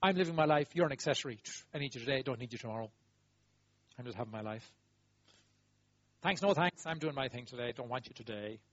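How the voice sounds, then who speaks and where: Animated, husky-voiced male preacher. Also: medium pitch, fast talker, long pauses, dry recording. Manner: animated, emphatic, swings between loud exclaiming and quiet asides. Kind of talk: sermon. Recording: dull lo-fi dry recording.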